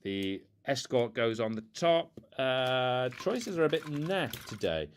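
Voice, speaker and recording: A man's voice: medium pitch, big pitch swings, takes it slowly, a little hiss or hum. A man casually rambling through an unboxing of old toy cars at home, self-mocking and playful. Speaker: toy car collector unboxing. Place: indoors at home.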